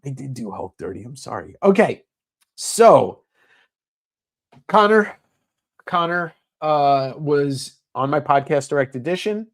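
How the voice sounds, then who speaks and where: A man's voice: fairly high pitch, expressive, slow, pauses often. A man hosting a comic sale livestream in casual sales chat, rambling with lots of fillers.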